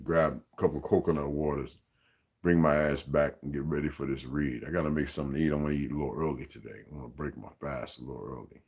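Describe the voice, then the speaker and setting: This livestream host, a man in his sixties, has a husky bass voice with a darkish tone and a steady delivery, and he talks fast. His rant is rambling, profane and streetwise, pitched directly at viewers and chat.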